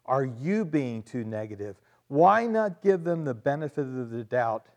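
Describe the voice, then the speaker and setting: A man's voice: medium pitch, sing-song, a little slow, a little mellow. A male pastor preaching with emphatic, conversational delivery in a mid-range voice. He repeats key phrases for weight and slips in friendly asides to the people in the church. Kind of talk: sermon.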